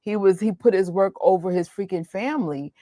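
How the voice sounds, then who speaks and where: A woman in her forties with a New York accent, hosting a casual chat, animated and laughing often. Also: mid-range voice, no room sound. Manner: animated, laughs often, talks in quick bursts. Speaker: host.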